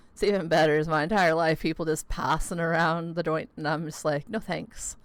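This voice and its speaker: Low-voiced woman streamer, casual rambling chat, dry close mic. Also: flat delivery, normal speed, smooth, no echo. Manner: chatty, rambling, many "like" fillers, laughs often. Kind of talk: casual gaming livestream chat. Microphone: close desk mic.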